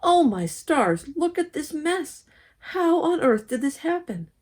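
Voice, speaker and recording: A woman voicing an exasperated mother who shouts in shock at a household mess, in a storybook reading. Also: high-pitched, very animated, a little slow, pitched above the performer's own voice. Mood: alarmed. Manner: shouting, dramatic.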